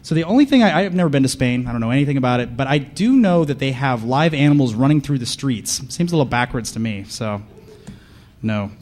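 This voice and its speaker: A man giving a comedic conference talk, deadpan and sarcastic, bantering with the audience from the stage. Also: medium pitch, fairly quick. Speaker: conference speaker.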